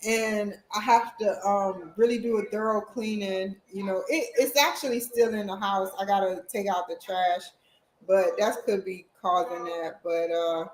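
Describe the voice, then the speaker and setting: A woman's voice: medium pitch, steady tone, measured pace, reverberant, rough recording. A woman vlogging at home, chatting casually and rambling straight to her viewers. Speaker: vlogger, college student. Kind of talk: casual chat to camera. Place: at home, indoors.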